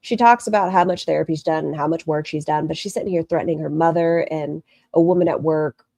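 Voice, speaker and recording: A woman's voice: low-pitched, fast, creaky, warm tone, no echo, clean studio sound. A woman hosting critical reaction commentary, blunt and sarcastic. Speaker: commentary host.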